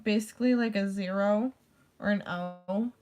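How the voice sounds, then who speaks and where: A young American woman rants casually in a vlog, rambling along with constant "like" fillers and casual swearing. Her voice is mid-range and darkish, at a moderate pace.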